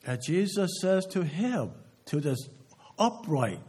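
Slow, husky-voiced male preacher. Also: fairly high pitch, lively intonation. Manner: slow, emphatic delivery, drops to a hush on key words; asks the audience rhetorical questions. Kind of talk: sermon.

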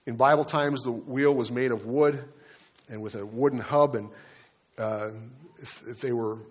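A man preaching a sermon in a relaxed, conversational way, with frequent fillers and repeated words. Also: mid-range voice, unhurried, husky. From Delaware, United States. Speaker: pastor.

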